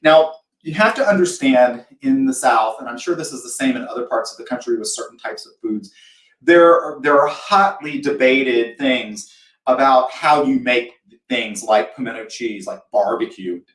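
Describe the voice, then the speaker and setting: A man's voice: medium pitch, fairly bright tone, far from the mic. Chatty man from the South in a roomy kitchen. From American South. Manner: chatty, self-deprecating, acts out imagined reactions. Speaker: host of a live cooking show. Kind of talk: casual live cooking demo.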